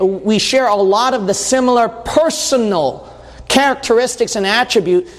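A man preaching a sermon in a church, emphatic, putting questions to the listeners and swinging between slow stressed words and quick bursts. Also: very high-pitched. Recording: long reverb of a large hall.

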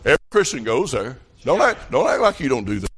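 Preacher telling folksy stories. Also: male voice, mid-range voice, sing-song, fast talker. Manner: folksy storytelling that builds to shouted preaching. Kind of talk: revival sermon.

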